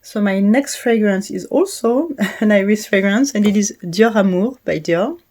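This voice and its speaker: A woman's voice: medium pitch, animated, moderate pace, a little mellow. French-accented woman chatting about perfumes. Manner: chatty, hesitant, laughs often. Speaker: fragrance reviewer. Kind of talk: casual product review.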